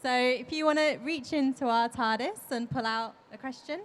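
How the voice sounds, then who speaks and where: Brisk woman hosting. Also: high voice, a little hiss or hum. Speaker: interview host. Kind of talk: live event interview.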